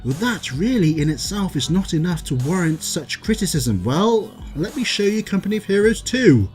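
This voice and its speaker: A man's voice: sits high, big pitch swings, normal speed, a little mellow, faint music behind. A man from England ranting casually about a game company, exasperated and sarcastic, with sighs and asides. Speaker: gaming video creator. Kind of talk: casual gaming rant.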